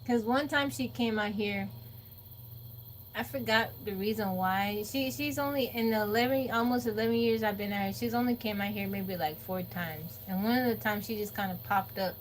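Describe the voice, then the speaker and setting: A woman's voice: mid-range voice, normal speed, a little hiss or hum. A woman chatting casually on a livestream, acting out quotes and laughing often. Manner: animated storyteller, acts out quotes, laughs often. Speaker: livestream host. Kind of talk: casual chat with live viewers. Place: off-grid home.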